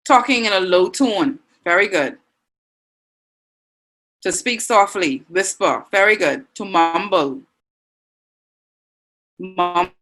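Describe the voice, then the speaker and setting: Bright-voiced Bahamian woman teaching a class. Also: mid-range voice, animated, slow pace, pauses often, low-quality recording. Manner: encouraging, reads students' answers aloud with frequent praise. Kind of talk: online class lesson.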